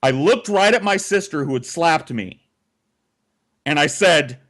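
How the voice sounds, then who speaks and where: A man's voice: fairly high pitch, unhurried, noisy background. A man co-hosting a podcast, telling a long story in a casual, profane way with lots of swearing. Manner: profane, animated, swears often.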